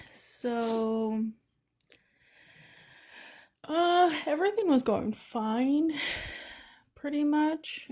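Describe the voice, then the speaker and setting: Woman talking really slow and hesitant, higher pitch, mellow voice. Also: vocal fry. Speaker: panel guest. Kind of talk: casual personal account.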